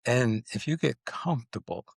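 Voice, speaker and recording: A man co-hosting a podcast in casual chat, animated and playful, drawing out words for emphasis. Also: medium pitch, normal speed, vocal fry, husky, no echo, studio quality. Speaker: podcast co-host.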